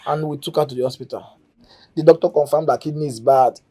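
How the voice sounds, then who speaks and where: An actor voices an anxious young Nigerian man who speaks softly and earnestly. His voice is mellow and dark-toned. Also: fairly high pitch, steady tone, quick pace, reverberant, lightly acted. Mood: worried. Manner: soft, earnest, worried. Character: devoted young boyfriend, anxious and tender. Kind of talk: film drama dialogue.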